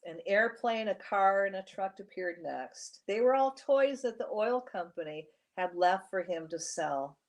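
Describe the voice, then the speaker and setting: Middle-aged host, heartfelt storyteller, mid-pitched woman. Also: animated, a little slow, few pauses, darkish tone. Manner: emotional, heartfelt. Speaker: show host. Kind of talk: storytelling narration.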